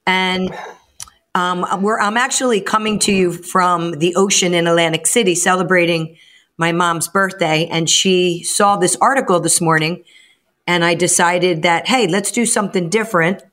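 A woman co-hosting a talk radio show, chatting relaxed and casual while calling in from a trip. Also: on the low side, normal speed. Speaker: radio show co-host, mortgage advisor. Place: by the ocean, calling in remotely.

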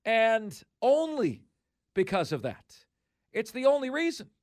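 A man's voice: very high-pitched, huge pitch swings, a little slow, dry recording, studio quality. A man hosting a sports talk radio show, arguing his opinions emphatically, hammering points home through repetition.

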